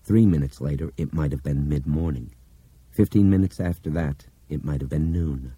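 A man reading a novel aloud in steady, measured narration that drops to a hush at times. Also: rumbling low, husky, no room sound. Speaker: audiobook narrator. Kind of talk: scripted narration.

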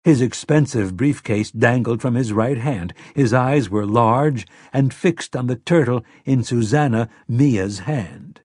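A male audiobook narrator with a mid-pitched, slightly husky voice. He reads in a measured, expressive way, leaning into the story's moments. The recording is close and dry, with no room sound. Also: no echo. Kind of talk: scripted narration.

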